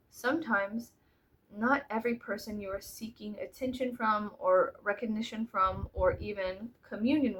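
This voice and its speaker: A woman in her thirties talking straight to the camera in a casual monologue, blunt and profane, going quiet and then loud. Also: medium pitch, slight background noise, rough recording. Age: 30s. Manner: blunt and profane, swinging between soft and loud. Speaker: vlogger.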